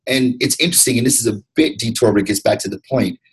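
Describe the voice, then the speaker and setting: A man's voice: medium pitch, fast talker, slightly rough, poor audio. A man from Detroit, a podcast guest, talking earnestly and reflectively about his path, often restarting his words. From Detroit, USA. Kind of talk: candid interview conversation.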